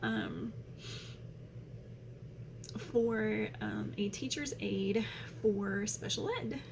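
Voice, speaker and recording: A woman's voice: mid-range voice, very slow, gravelly, noisy background. A young woman chatting casually to camera at home, rambling with many fillers, her nose running. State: runny nose. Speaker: vlogger. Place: home room.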